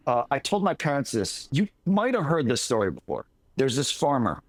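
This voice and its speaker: A man's voice: medium pitch, sing-song, moderate pace, dry recording. A man co-hosting a podcast in casual chat, telling a story in a rambling way with restarts. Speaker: podcast co-host.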